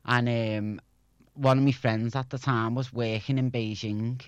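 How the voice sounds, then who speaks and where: A man's voice: medium pitch, steady tone, unhurried, smooth, no room sound, highs cut off. A young man from Liverpool with a Scouse accent, a former radio presenter chatting as an interview guest and laughing often. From Liverpool, England. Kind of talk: casual interview chat.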